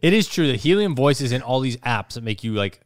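A man's voice: mid-range voice, sing-song, fairly quick, no echo, clean studio sound. A man co-hosting a podcast in casual banter, laughing easily and teasing his friend. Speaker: podcast co-host.

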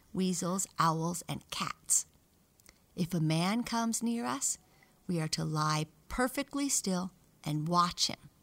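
A woman's voice: fairly low pitch, fairly bright tone. A woman voicing obedient young meadow mice who earnestly recite their mother's lessons in a storybook reading. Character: careful, dutiful mouse children reciting lessons.

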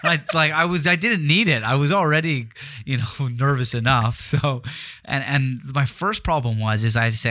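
A man, a former player turned broadcaster, telling stories in a casual chat, laughing often and restarting sentences when excited. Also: mid-range voice, normal speed, dry recording, studio quality.

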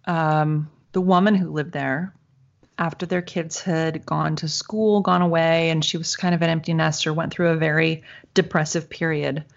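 A woman with a fairly low voice tells a personal story in relaxed, conversational chat. She is animated, laughs now and then, and acts out the voices of people she quotes. The recording sounds dull and lo-fi. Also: moderate pace, vocal fry.

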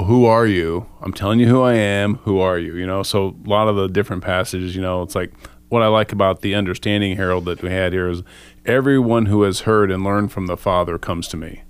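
A man talking casually in a group Bible discussion, a lively and self-mocking storyteller. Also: low voice, clear, resonant tone, no echo. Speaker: Bible study participant.

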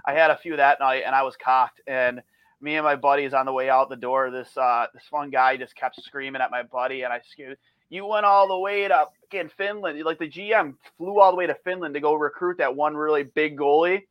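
A man's voice: medium pitch, steady tone, a little fast, no room sound, highs cut off. A man chatting as a podcast guest, telling rambling stories with restarts, swearing and laughter. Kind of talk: casual chat.

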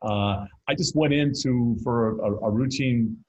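A man's voice: medium pitch, measured pace, a little mellow, slightly rough, low-quality recording. A middle-aged man from North Carolina, a guest in an interview, telling stories in a rambling, joking way with frequent restarts. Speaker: guest musician and author. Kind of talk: casual interview storytelling.

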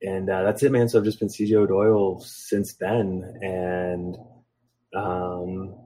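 A man in his thirties from Philadelphia, a guest on a casual podcast, telling long rambling stories. His voice sits low and a little husky, and he fills pauses with ums. He slips into quick impressions when he quotes other people. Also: flat delivery, dark tone. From Philadelphia, USA. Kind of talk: casual storytelling interview.

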